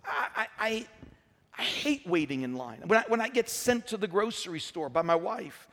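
A man's voice: sits high, sing-song, normal speed, a bit bright. Emphatic middle-aged male preacher, reverberant hall. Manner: emphatic, repetitive, storytelling preacher. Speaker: pastor. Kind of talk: sermon.

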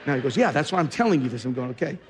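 A man's voice: mid-range voice, lively intonation, racing, crowd noise, noisy background. Guy preaching in a big echoey church, storytelling then fired up. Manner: storytelling, quoting others, rising to fervent exhortation. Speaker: pastor. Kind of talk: sermon.

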